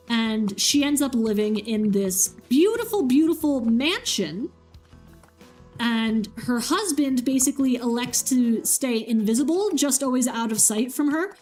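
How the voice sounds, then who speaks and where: High-voiced woman casually retelling a myth. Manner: animated, casually swearing. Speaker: streamer. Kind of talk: casual storytelling.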